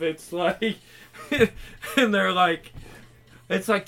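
A man's voice: sits high, steady tone, extremely slow, pauses often, bright, forceful tone. A man ranting in an angry, profane, rambling monologue.

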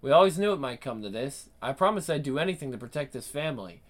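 A man's voice: medium pitch, animated, fast, natural voice. An actor playing a cornered father who talks with urgent, strained protectiveness. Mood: desperate. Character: desperate middle-aged father under pressure. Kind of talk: dramatic acting.

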